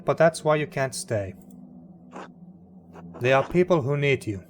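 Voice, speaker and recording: A man reading a young son in a story game, soft and reassuring in a raised, tender voice. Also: medium pitch, animated, a little slow, a little hiss or hum, close to an everyday voice. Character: young adult male child's voice, gentle and comforting.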